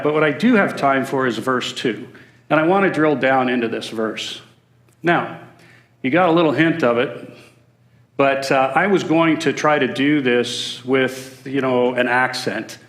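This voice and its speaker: A man's voice: mid-range voice, a bit bright. Male guest preacher, mid voice, jokey asides, church reverb. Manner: joking, self-deprecating asides. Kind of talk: sermon. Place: church sanctuary.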